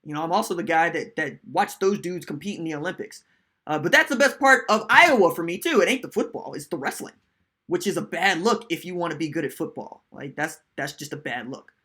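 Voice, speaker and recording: A man hosting a live-stream sports podcast in casual, animated chat, reading viewer comments aloud. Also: on the high side, fairly quick, breathy edge. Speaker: podcast host.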